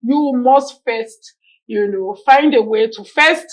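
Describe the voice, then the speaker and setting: High-pitched woman, animated. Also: slow, low-quality recording. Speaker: speech-language pathologist guest. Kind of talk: TV talk show interview.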